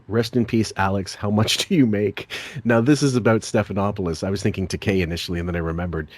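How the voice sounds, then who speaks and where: Low-voiced joking male podcast host. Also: darkish tone, dry recording. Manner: joking, profane, laughs often. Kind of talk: casual podcast commentary.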